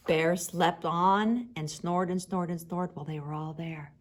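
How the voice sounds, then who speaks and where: A woman reading a picture book aloud to children, expressive, dropping to a hush on the refrains. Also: fairly low pitch, a little slow. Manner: expressive, with hushed whispered refrains. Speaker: storyteller.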